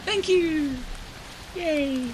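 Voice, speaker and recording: A woman's voice: high-pitched, very slow, background noise. A woman streaming a video game from home, chatting casually and giggling as she talks to her viewers and her pets. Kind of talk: casual live-stream chatter while playing.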